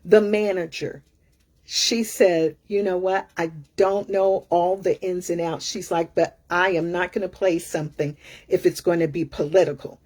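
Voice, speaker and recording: Woman, middle-aged, husky, sassy, animated storyteller, casual. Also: fairly low pitch, measured pace. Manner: animated, sassy, acts out other people's lines. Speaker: career coach.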